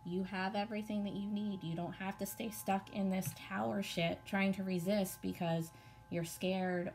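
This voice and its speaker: A woman giving a casual tarot reading to her viewers, excited and blunt, swearing freely as she talks. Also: lowish voice, slight background noise. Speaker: tarot reader.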